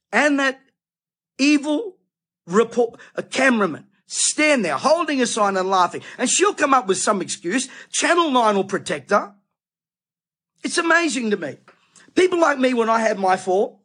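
A man's voice: high voice, fairly bright tone, husky. A middle-aged Australian man, a preacher, ranting indignantly in an impassioned monologue.

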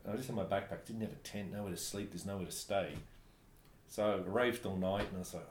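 A man from New Zealand telling travel stories in casual chat, animated and laughing often. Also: sits low, fast. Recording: echoey room, faint background noise.

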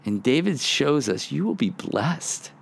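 A man's voice: medium pitch, big pitch swings, unhurried, creaky, breathy edge. A man hosting a devotional podcast, teaching in an earnest, conversational way and sometimes acting out prayers. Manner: earnest, conversational, acts out prayers in quoted lines. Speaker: podcast host teaching on the Psalms.

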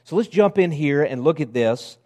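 A man preaching a sermon, lively and conversational, acting out voices of the crowd and disciples in casual asides. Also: on the high side, normal speed. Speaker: pastor.

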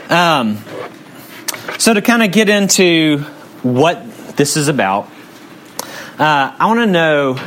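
A man's voice: medium pitch, fairly bright tone, a little hiss or hum. A man in his forties, a pastor preaching a sermon in a conversational way, often hedging with "kind of" and "um".

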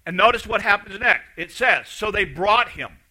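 Very bright-voiced man preaching a sermon. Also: high voice, moderate pace, poor audio. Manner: conversational, animated retelling with paraphrased quotes. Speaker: pastor.

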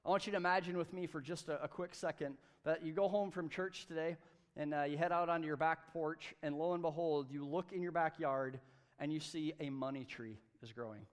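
A man preaching a sermon at a church service, energetic and conversational, with playful asides. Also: a little high, a little fast. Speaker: pastor.

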